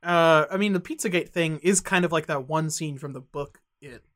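A man co-hosting a casual comedic podcast, making dry, deadpan jokes. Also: fairly high pitch, brisk. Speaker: podcast co-host.

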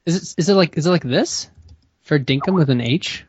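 A man's voice: fairly high pitch, brisk, slightly rough, muffled recording. Goofy, giggly man on a panel. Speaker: podcast panelist. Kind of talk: casual podcast banter.

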